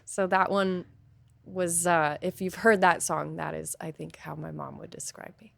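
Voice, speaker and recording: A woman interviewee talking candidly, thoughtful and hesitant, pausing often as she searches for words. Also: on the low side, steady tone, creaky, dry recording. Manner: thoughtful and hesitant, with many pauses and fillers. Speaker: guest.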